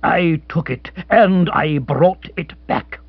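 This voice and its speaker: A man reading an audiobook who voices a crushed but gallant British colonial hunter, talking low and earnestly, often in a mutter. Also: animated, unhurried, gravelly, husky, no room sound, exaggerated voice. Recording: dull, dry close recording.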